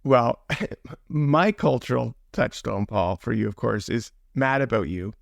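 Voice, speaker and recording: A man hosting a podcast interview, asking questions in a measured, unhurried way. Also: medium pitch, lively intonation, creaky, no echo, studio quality. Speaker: podcast host.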